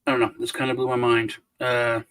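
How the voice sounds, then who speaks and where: A middle-aged man in casual livestream conversation, rambling along. He restarts sentences and trails off while telling stories, at an average pitch. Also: completely flat delivery, brisk, a bit bright, rough recording. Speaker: co-host.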